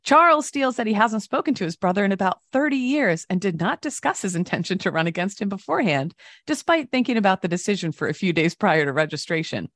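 A woman co-hosting a casual talk show, telling stories and reading news with lively voiced quotes. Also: fairly low pitch, no echo, clean studio sound. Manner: animated storytelling with voiced quotes. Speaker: co-host.

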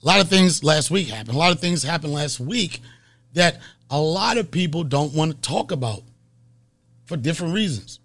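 Middle-aged male comedian host, gravelly and husky, fairly high-pitched, animated and profane storyteller. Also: normal speed. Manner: animated, profane, acts out scenes with mock gasps. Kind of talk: comic storytelling.

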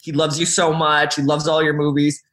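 A man voicing a drunk young woman at a party who loudly gushes and pushes her friend forward. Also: deep voice, flat delivery, normal speed, roomy sound. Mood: gushing.

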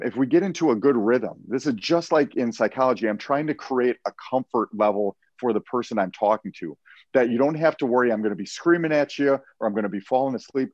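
A man who works as a hostage negotiator, explaining his methods in a measured way in an interview, often repeating words as he starts a phrase. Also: mid-range voice, a little mellow, no room sound, dull audio. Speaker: hostage negotiator and professional speaker. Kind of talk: podcast interview.

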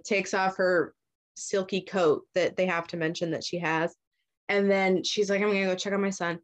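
A young woman in casual chat, retelling a story in a loose, profane way and briefly acting out the characters' lines. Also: medium pitch. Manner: casual, profane, acts out characters in quick voices. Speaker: podcast host retelling a story.

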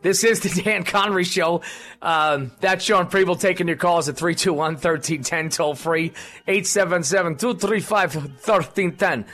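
A man's voice: high-pitched, moderate pace, fairly bright tone, soft background music. A man hosting a political talk radio show, rambling and combative, with many fillers.

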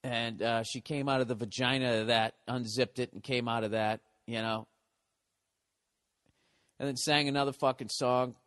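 A man's voice: mid-range voice, steady tone, normal speed, fairly bright tone, no room sound, studio quality. A middle-aged man hosting a podcast, telling a rambling, profane comedic rant. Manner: profane, ranting. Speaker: podcast host.

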